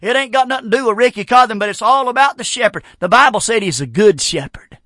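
A man preaching a fervent, folksy revival sermon, breaking into shouts. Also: high voice, expressive, fast, no echo, studio quality. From North Carolina. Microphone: broadcast on radio.

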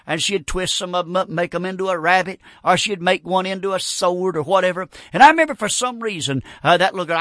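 A man's voice: high-pitched, a bit bright, no room sound, studio quality. An older man preaching a sermon, emphatic and repetitive, often stumbling over restarts.

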